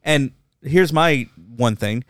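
Excitable man with a clear voice, podcast chat. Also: medium pitch, slow, dry recording, clean studio sound. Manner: excitable, laughs often, swears casually. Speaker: podcast co-host. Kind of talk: casual chat.

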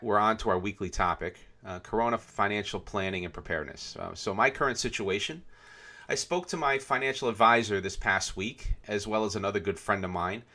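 A man's voice: lowish voice, sharp tone. A man co-hosting a podcast, chatting casually and reading out news headlines with frequent fillers. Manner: conversational, reads headlines aloud, frequent fillers. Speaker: podcast co-host.

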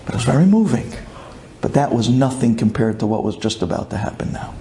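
A man from Brooklyn, telling a personal story with excitement, dropping low and then bursting into shouts. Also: brisk, a little hiss or hum. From Brooklyn, USA. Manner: excitable, swings from hushed to shouting.

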